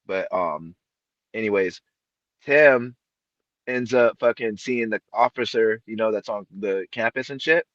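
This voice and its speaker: A man's voice: lowish voice, unhurried, a bit bright, no echo. A young man on a stream panel telling a story in a laid-back, profane way. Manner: laid-back, profane, acts out quoted voices. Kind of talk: casual storytelling. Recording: dull, dry lo-fi call audio.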